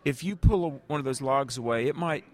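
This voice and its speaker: A man's voice: medium pitch, a little fast. A man, an evangelist answering interview questions with earnest stories, speaking directly to the listener. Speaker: guest evangelist.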